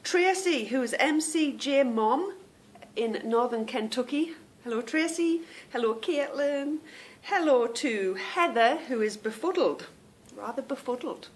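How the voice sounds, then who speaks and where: A woman's voice: high voice, expressive, unhurried, slight background noise. A woman hosting a knitting podcast, chatting casually to viewers, rambling off on tangents and stumbling over unfamiliar names.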